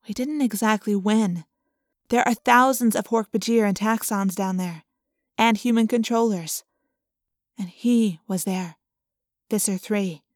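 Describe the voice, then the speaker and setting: Woman doing quiet teen girl, slow, careful, dry sound. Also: medium pitch, no room sound, lightly acted. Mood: sober. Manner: quiet, slower delivery. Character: quiet thoughtful teenage girl.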